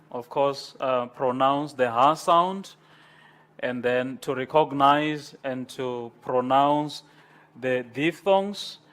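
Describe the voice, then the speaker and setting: Slow-talking man lecturing. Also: on the high side, fairly bright tone. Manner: slow, repetitive, switches between English and Afrikaans, asks the class questions. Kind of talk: university lecture. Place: lecture room.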